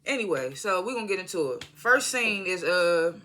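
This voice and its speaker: Talking into a phone, an American TV reviewer rambles casually through an episode review, slangy and loose, with lots of asides and corrections mid-sentence. The voice sits mid-range, very animated and sharp-toned, at a moderate pace.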